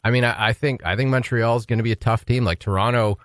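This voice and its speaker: A man's voice: medium pitch, fast talker, no room sound, clean studio sound. A man co-hosting a radio show, talking hockey in an easygoing, casual way. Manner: easygoing, lively intonation, drops his voice at phrase ends. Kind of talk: casual sports chat. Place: radio studio. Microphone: studio mic.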